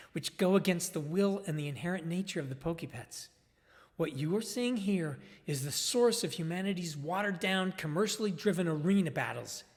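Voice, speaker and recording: A man playing an eager, awestruck male nature filmmaker narrating with enthusiasm, recorded with long reverb. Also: on the high side. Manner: enthusiastic, wide-eyed. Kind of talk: dramatized monologue.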